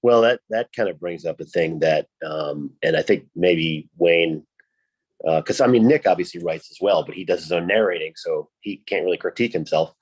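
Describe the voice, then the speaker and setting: Lower-voiced chatty man from Rhode Island. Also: normal speed, slightly rough. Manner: chatty, laughs often. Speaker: podcast host. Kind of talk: casual chat.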